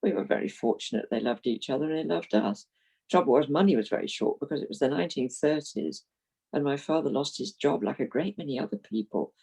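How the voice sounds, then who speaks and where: Mulher na casa dos oitenta, de Londres, voz rouca e arenosa, conversa franca e animada com risos frequentes. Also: female voice, rumbling low, animated, quick pace, gravelly, warm tone, breathy edge, poor audio. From London, England. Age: 80s. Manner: chatty, frank, laughs while telling stories. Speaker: retired minister, interviewee. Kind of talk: reminiscing interview.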